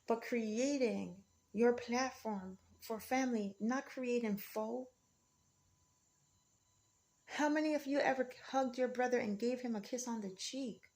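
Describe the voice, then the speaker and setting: A woman's voice: a little high, measured pace, darkish tone. A woman speaking in an emotional, rambling monologue, defiant and often repeating herself.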